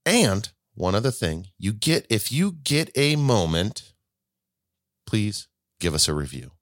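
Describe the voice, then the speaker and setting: Low-voiced rambling male podcast host. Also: sing-song, slow pace, no echo, clean studio sound. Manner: rambling, self-correcting, chatty. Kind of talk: casual solo podcast talk.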